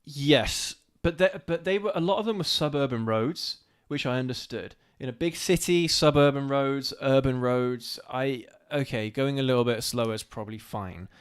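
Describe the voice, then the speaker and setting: Man, casual live-stream co-host, rambling, restarts sentences, gets animated, mid-pitched voice. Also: moderate pace, few pauses, smooth. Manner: rambling, animated when ranting, laughs easily.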